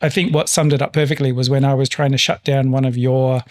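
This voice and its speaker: A man's voice: mid-range voice, little pitch movement, fast talker, darkish tone. A man co-hosting a podcast in casual chat, laid-back and easygoing. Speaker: podcast co-host.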